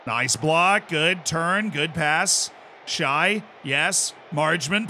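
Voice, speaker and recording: A man narrating his football management game for a live stream audience. His voice is bright and forceful and sits a little high. His goal calls explode into loud commentator-style shouting, while his tactical asides turn low and fast. A faint noise hums behind him. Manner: drops low and quick when musing.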